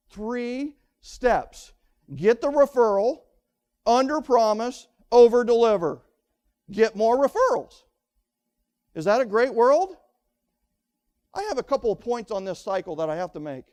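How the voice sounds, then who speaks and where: A man giving an energetic live seminar talk, firing rhetorical questions at the audience in punchy, repeated phrases. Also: extremely high pitch. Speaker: motivational speaker at a real estate seminar.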